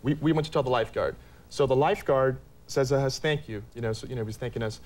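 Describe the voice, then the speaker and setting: Brief: guest from Miami, mid-pitched man, quick eager storyteller. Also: a little mellow. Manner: fast, eager storytelling with restarts. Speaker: talk show guest. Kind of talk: telling a story on a talk show.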